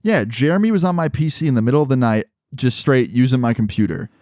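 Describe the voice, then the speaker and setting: A young man spins a story for his viewers in a bare, dry-sounding space, his voice sitting at an ordinary middle pitch. He gets animated as he goes, swears freely and keeps tossing rhetorical asides straight to the audience. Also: fast talker, no echo. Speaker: storytelling vlogger. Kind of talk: casual storytime monologue.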